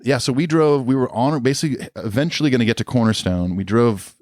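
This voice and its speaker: A man's voice: medium pitch, quick pace, a little mellow, dry recording, clean studio sound. A middle-aged man, a musician guest on a podcast, telling a long casual story in a rambling, laid-back way full of fillers.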